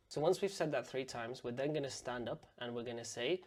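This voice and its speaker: A man teaching word-by-word pronunciation, patiently sounding out words slowly and repeating them for learners. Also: medium pitch. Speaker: Arabic and Quran teacher. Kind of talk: pronunciation lesson.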